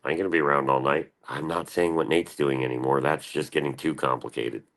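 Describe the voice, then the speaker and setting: A man streaming live, rambling in a profane, casual rant and mimicking other people in higher voices. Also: steady tone, a little fast, fairly bright tone. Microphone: streaming mic.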